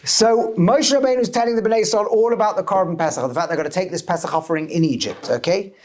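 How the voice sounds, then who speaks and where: A man teaching a lively class as a rabbi, questioning his students and mixing Hebrew terms into English. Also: sits high, fast talker. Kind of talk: lively Torah class lecture.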